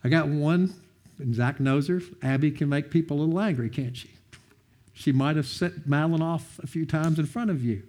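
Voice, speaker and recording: A man sharing a personal testimony, earnest and heartfelt, often quoting others with lively bursts of emphasis. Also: on the high side, moderate pace. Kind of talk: heartfelt storytelling talk.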